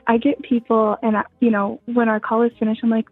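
Breathy young woman, rambling. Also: on the high side, level tone, fairly quick, hardly any pauses, dry recording, faint music behind. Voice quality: soft, breathy voice. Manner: rambling, many "like" fillers, laughs often. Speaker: guest. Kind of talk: casual interview chat. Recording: tinny phone-like sound.

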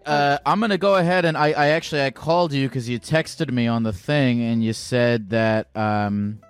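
A man's voice: mid-range voice, normal speed, clear, resonant tone, no echo, soft background music. A man hosting a casual call-in show, asking easygoing, probing questions. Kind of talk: casual phone-in chat.

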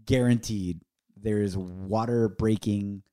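A man co-hosting a podcast, telling a family story in casual chat, in words and acting out quotes in a high, excited voice. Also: slow pace, clear, resonant tone. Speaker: podcast co-host.

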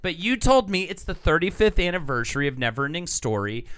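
Man, podcast host, excitable, swears, shouty, bright, smooth, lively pitch. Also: brisk, no room sound. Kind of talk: casual comedic podcast chat.

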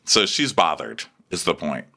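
A man's voice: very animated, moderate pace, vocal fry, bright, forceful tone. A man co-hosting a comedic reality-TV recap, campy and full of put-on voices. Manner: campy, acts out the cast in shrill put-on voices. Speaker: podcast co-host.

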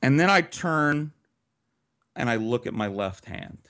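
A man spins a long personal story on a podcast, swearing freely and painting vivid pictures. His voice sits at an ordinary mid pitch. The delivery is casual and animated. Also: a little slow.

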